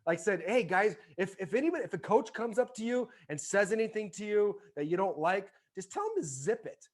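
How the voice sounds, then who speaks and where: High-pitched and sing-song, he speaks a little fast. This podcast guest, a former baseball player in his forties, shares a story conversationally, animatedly voicing the people involved.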